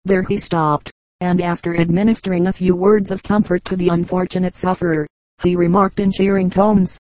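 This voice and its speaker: A woman reading aloud from an old joke book in a steady, plain manner. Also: on the low side, moderate pace, no room sound, rough recording. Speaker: audiobook reader.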